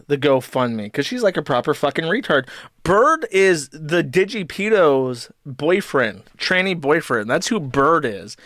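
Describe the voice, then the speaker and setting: A man's voice: on the high side, a bit bright, no echo. Profane male streamer, dry close sound. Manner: profane, rambling, fast asides. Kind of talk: live stream commentary.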